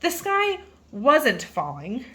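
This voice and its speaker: A woman with a high-pitched voice reads a children's picture book aloud, taking it slowly. Her delivery is playful and animated, and she stretches words out for emphasis.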